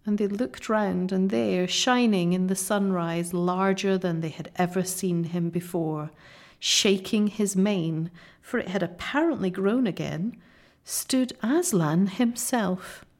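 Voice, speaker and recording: Woman narrator reading a classic children's story, unhurried, a creaky edge, soft delivery. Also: mid-range voice. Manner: slow, soft storytelling, often near a whisper. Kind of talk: audiobook reading.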